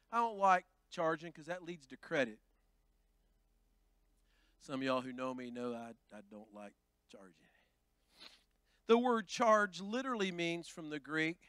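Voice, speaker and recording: A man pastor preaching a Pentecostal sermon, building from plain talk into shouting. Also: high voice, clean tone, dry recording. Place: church sanctuary.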